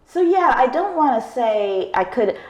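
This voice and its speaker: A middle-aged woman hosting an interview, thinking aloud in a halting way and restarting her sentences. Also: fairly high pitch, very animated, darkish tone, roomy sound, muffled recording. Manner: thoughtful, halting, with many restarts. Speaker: podcast host. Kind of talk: reflective interview conversation.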